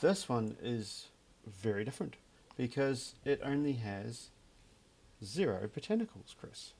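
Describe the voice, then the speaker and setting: A man's voice: mid-range voice, very animated, measured pace, gravelly, a little mellow, husky. A man co-hosting a casual podcast about gin, talking in a dry, joking way with plenty of fillers. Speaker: podcast co-host. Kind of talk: casual chat.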